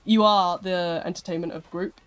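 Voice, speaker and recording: A gaming streamer chats live with viewers in a mid-pitched voice and answers their questions as they come in. The talk rambles, full of "like" and "um". Soft game music plays underneath. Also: fairly even intonation, moderate pace, clean tone. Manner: chatty and rambling, with frequent "like" and "um" fillers.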